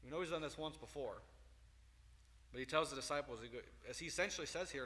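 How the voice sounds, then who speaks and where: A man teaching a Sunday school Bible lesson, telling the story with animated, acted-out quotes. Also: fairly high pitch, fast talker. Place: church hall. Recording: long reverb in a hall.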